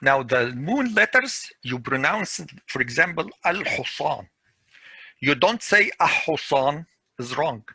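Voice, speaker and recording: A man teaching a classroom grammar lesson, his voice gravelly and husky with a bright, forceful edge. He speaks slowly and repeats each word so students can copy the pronunciation. The room sounds dry and close. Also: on the high side, big pitch swings, no room sound, poor audio. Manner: slow, repeats words for pronunciation drills.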